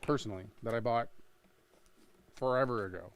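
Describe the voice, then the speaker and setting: A man's voice: mid-range voice, brisk, clear, resonant tone. A man co-hosting a comic shop live-stream sale, teasing his partner and rattling off prices and book conditions in casual patter.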